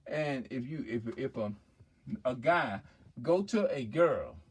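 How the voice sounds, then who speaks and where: A man's voice: mid-range voice, expressive, slow, husky. Rambling man talking to camera. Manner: rambling, restarts, keeps asking "you know what I'm saying?". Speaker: vlogger. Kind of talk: casual monologue to camera.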